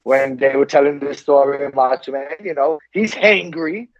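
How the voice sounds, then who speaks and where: A man co-hosting a podcast, telling a story in an animated way and laughing often. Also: medium pitch, normal speed, lo-fi sound. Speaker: podcast co-host. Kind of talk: casual chat.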